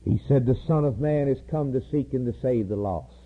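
A man preaching a fiery sermon, pleading with his listeners and rising to loud emphatic peaks. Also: mid-range voice, a little fast, breathy edge. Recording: tinny phone-like old sermon tape.

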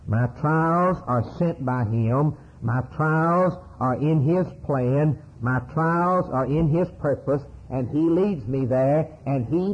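A man preaching a sermon with fervent, rhythmic delivery and sweeping rises and falls in pitch. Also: breathy edge. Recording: dull lo-fi sermon recording.

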